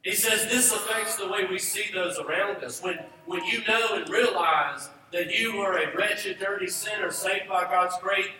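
A man's voice: high voice, bright, forceful tone, slight background noise. A male pastor preaching a sermon with emphasis, repeating rhetorical questions, recorded from a distance in a church sanctuary. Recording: distant echoey church hall.

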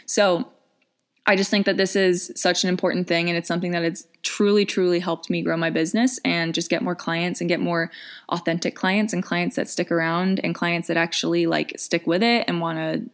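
Girl in her 20s giving coaching tips, kinda low voice, rambly and chatty, lots of likes. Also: little pitch movement, normal speed. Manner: chatty, filler-heavy, frequent restarts. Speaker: business coach. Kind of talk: casual advice vlog.

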